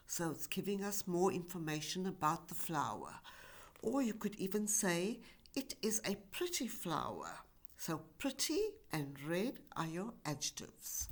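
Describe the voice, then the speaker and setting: A woman teaching English grammar in a recorded lesson, speaking carefully and stretching out example words. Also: mid-range voice. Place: university e-learning course.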